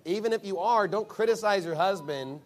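A man delivers sermon-style advice in a fairly high voice, animated as he talks. He slips into little acted-out quotes of other people as he goes. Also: moderate pace.

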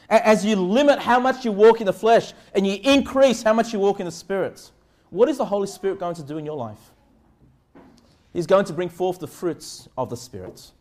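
A man pastor preaching a sermon earnestly, asking the listeners rhetorical questions and reading scripture slowly and deliberately. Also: high voice, a little mellow.

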